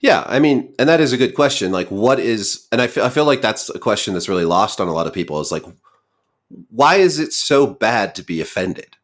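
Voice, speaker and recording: A man's voice: lowish voice, lively intonation, a little fast. A man hosting a casual interview, speaking in a thoughtful, hedging way. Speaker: interviewer, host.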